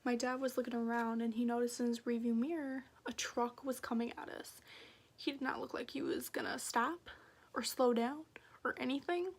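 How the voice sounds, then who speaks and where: A young woman from Minnesota telling a personal story to camera in a soft voice that often drops into a breathy whisper. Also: a little high, fairly even intonation, moderate pace. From Minnesota, USA. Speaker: vlogger.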